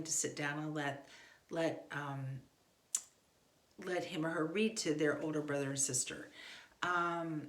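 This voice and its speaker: Woman, lowish voice, casual parenting lesson, filler-heavy, echoey room. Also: bright, forceful tone. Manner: conversational, frequent fillers and restarts. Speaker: homeschool teaching parent. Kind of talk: casual instructional talk.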